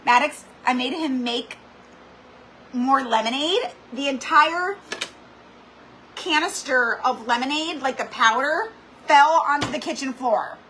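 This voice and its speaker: A woman's voice: high-pitched, a little slow, long pauses, slight background noise, low-quality recording. A woman hosting a craft livestream, chatting animatedly and dramatically, full of "like"s. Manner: animated, dramatic storytelling with lots of "like". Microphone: computer or camera mic for a live stream.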